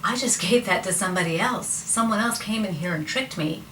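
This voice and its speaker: A woman's voice: medium pitch, fairly quick, bright, forceful tone. Woman doing a doubting elderly father, drawling, echoey far-off room. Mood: wary. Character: old blind father, slow and wary. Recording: roomy, distant mic, faint noise.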